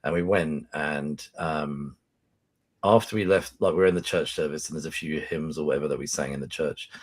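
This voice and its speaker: A man's voice: a bass voice, steady tone, brisk. A middle-aged man hosting a podcast, rambling through a self-mocking story in casual chat. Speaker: podcast host.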